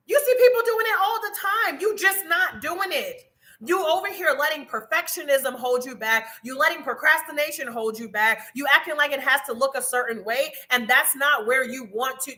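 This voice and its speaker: A woman, giving a loud, preachy motivational talk straight to her viewers on a livestream from home. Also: high voice. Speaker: travel content creator. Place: home in Colombia.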